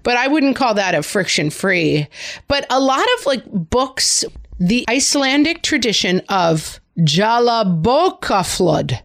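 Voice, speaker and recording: Lively woman co-host in casual chat. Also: slow pace. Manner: animated, jumps into high exclamations. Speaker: podcast co-host.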